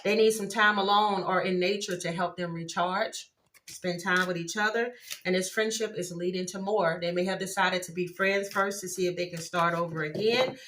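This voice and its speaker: A woman's voice: on the low side, normal speed, noisy background. A woman, giving a casual tarot reading to viewers, exclaiming at the cards as she turns them. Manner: excitable, exclaims at cards, laughs often. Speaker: tarot reader.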